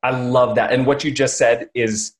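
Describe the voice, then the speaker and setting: A man hosting a conversational interview, telling a lively story and acting out the voices of people in it. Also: mid-range voice, moderate pace. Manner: animated storyteller, acts out quotes. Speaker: podcast host.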